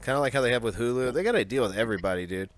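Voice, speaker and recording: A young man co-hosting a podcast, chatting in an excitable, rambling way. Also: mid-range voice, rapid-fire, no room sound. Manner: rambling, excitable, says dude a lot. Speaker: podcast co-host. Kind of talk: casual chat.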